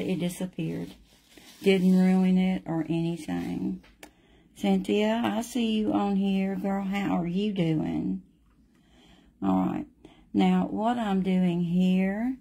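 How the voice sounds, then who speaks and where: A middle-aged woman with a drawl talks viewers through a watercolor painting at an unhurried pace. Her voice is low, gravelly and mellow, and she is chatty and friendly with her audience. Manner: slow, chatty, speaks to viewers by name.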